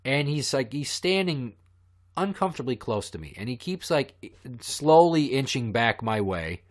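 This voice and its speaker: A man's voice: medium pitch, big pitch swings, moderate pace. A man hosting a podcast who tells stories in a profane, heated, ranting way. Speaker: podcast host. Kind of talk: ranting storytelling.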